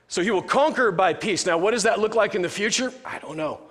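A man with a fairly high voice preaches a sermon in a casual, joking manner and often restarts his sentences. The recording carries a long reverberant tail, as in a large hall. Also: steady tone, brisk, hardly any pauses, fairly bright tone. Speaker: pastor.

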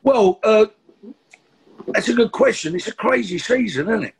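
A man's voice: high voice, animated, normal speed. A man in his sixties with a London accent, telling rambling, chatty stories in an interview, full of restarts and asides. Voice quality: husky. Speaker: guest actor. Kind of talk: anecdotal interview storytelling.

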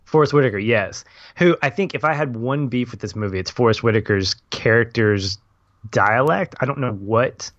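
A man's voice: medium pitch, moderate pace, fairly bright tone, dry recording. A young adult man in a casual film discussion, thoughtful and rambling, laughing easily. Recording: dull lo-fi audio.

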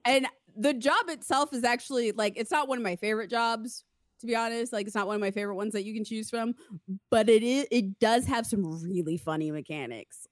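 A woman's voice: on the high side, brisk, dry recording, clean studio sound. A young woman co-hosting a podcast, chatting casually and rambling with many fillers and frequent laughs. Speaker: podcast co-host. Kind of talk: casual chat.

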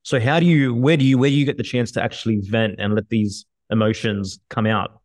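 A man in a podcast conversation, putting a question haltingly and restarting it several times. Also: fairly low pitch, steady tone, dry recording, clean studio sound. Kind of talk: conversational interview.

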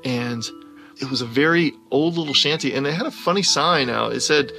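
A man telling a personal story in an animated way, often laughing as he talks. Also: medium pitch, a little fast, creaky, soft background music.

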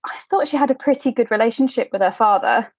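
A young woman hosts a podcast, and she talks at a fairly high pitch. She speaks in a casual, chatty way with bursts of giggles. Her voice sits in a dry, dead room and the recording sounds muffled and lo-fi. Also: fast, no echo. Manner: chatty, giggly, animated, with frequent restarts. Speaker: podcast host. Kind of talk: casual chat. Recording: dull lo-fi audio.

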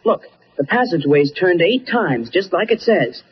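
A man's voice: sits high, normal speed, background noise. An actor playing an eager, plucky young man, in 1940s radio acting on a muffled old recording. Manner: eager, excitable.

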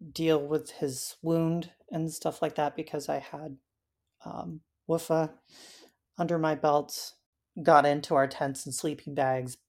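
A woman as an interview guest, telling her story in a halting way with frequent fillers. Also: deep voice, a little mellow. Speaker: interview guest recounting a hike.

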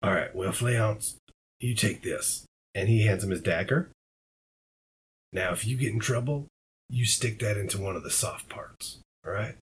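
Brief: man doing a protective adventurer, husky low voice, firm and blunt. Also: measured pace. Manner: firm, coaxing.

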